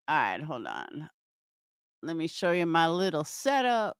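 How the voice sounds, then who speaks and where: A woman's voice: sits low, wildly swooping pitch, unhurried, clear, resonant tone, no room sound, studio quality. A middle-aged woman chatting casually on a live stream from home, swearing freely and answering viewers by name. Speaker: livestreamer and craft seller.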